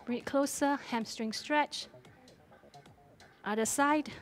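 A woman's voice: high-pitched, slow pace. A woman fitness instructor coaching a live workout, encouraging and cheering her class on while out of breath. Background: faint music.

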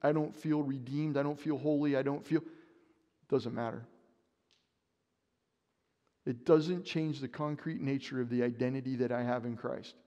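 Animated storytelling pastor in a reverberant church. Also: male voice, mid-range voice, moderate pace, pauses often, dull audio. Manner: storytelling, animated, acts out his own panic. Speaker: preacher. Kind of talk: sermon. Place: church sanctuary.

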